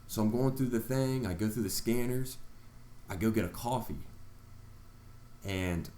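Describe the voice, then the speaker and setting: A man's voice: lowish voice, a little slow, dark tone, echoey room, a little hiss or hum. A man vlogger earnestly telling a personal story, acting out his own reactions along the way. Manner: earnest, retelling events with quoted reactions.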